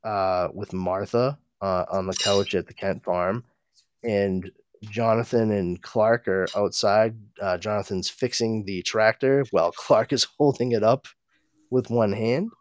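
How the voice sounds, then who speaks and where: A man hosting a podcast, giving a casual comic-book recap in a halting way, full of fillers and with frequent chuckles. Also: on the low side, steady tone, dry recording, studio quality.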